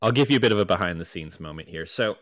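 Guy cohosting a movie podcast, kinda low voice, laid back, swears a bit, dead dry mic. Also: rapid-fire, dry recording. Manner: relaxed, swears casually, shares trivia. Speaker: podcast co-host. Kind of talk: casual movie podcast chat.

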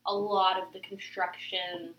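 A woman's voice: mid-range voice, little pitch movement, a little slow, roomy sound, lo-fi sound. A young woman in her twenties chatting casually, blunt, laughing often and swearing freely. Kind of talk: casual chat.

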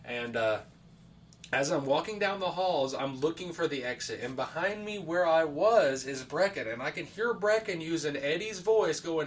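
Rambling, swearing podcast co-host, man with a somewhat high voice, distant mic, faint hiss. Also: animated, normal speed, fairly bright tone. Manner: rambling storyteller, heavy swearing and fillers. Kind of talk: casual chat.

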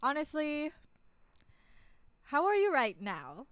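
A woman's voice: high-pitched, wildly swooping pitch, slow, a bit bright. A young woman from Canada, co-hosting a casual chat, emphatic and repeating herself, swearing freely. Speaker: podcast co-host.

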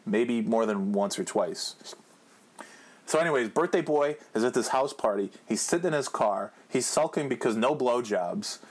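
A man in his thirties hosting his own podcast, telling rambling, profane, jokey stories in a casual monologue. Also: on the low side. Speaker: podcast host.

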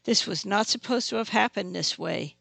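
Urgent, fearful female dragon in an audiobook, read by the narrator with a gravelly edge. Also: mid-range voice, moderate pace, pushed and bright, no room sound, full character voice. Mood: alarmed. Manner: urgent, strained.

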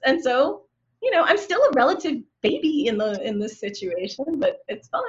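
In a dull, lo-fi recording, a woman in her fifties, a relationship coach aged fifty, talks candidly and thoughtfully in relaxed conversation, full of likes and ums. Her high-pitched voice swings widely in pitch at a moderate pace.

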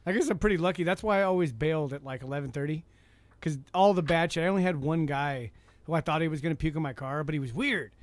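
A man, telling rideshare stories fast, laughing and swearing in casual chat. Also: a little high, dry recording. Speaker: rideshare driver.

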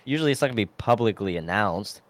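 A young man co-hosting a podcast, telling crude stories in a deadpan way during casual banter. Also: lowish voice, fast, dry recording, clean studio sound. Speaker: podcast co-host.

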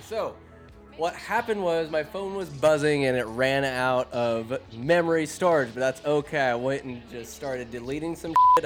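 A man recapping a fantasy film in casual, sarcastic commentary, animated and quick to put on voices for the characters. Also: medium pitch. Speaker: movie recapper. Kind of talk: casual comedic movie recap. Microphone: phone or desk mic, recording alone.

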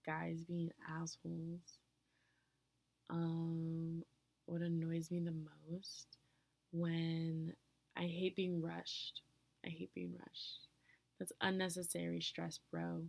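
A young woman talking to her own recorder in a casual, profane monologue, blunt and ranting, with loud bursts of indignation and breathy whispered asides. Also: on the low side, monotone, slow, long pauses, no room sound. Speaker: solo vlogger answering question prompts. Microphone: own recorder close by.

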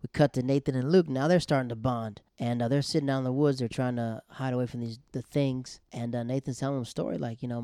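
A man's voice: mid-range voice, steady tone, fast talker, few pauses, warm tone, no room sound, studio quality. A man casually recapping a TV episode in loose slang, joking about the writers as he goes. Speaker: TV show recapper.

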